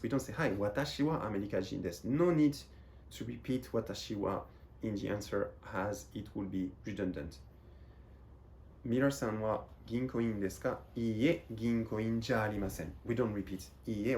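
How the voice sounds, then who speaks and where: Low-voiced man from France teaching a lesson. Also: normal speed, darkish tone, slight background noise. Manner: patient, repeats phrases while explaining. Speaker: Japanese teacher. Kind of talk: explaining lesson.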